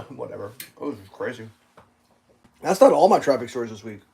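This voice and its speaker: A live streamer with a medium-pitched, gravelly voice, speaking at a moderate pace, rants profanely and ramblingly about traffic incidents. The talk is packed with "like," and the streamer animatedly acts out other drivers in loud outbursts.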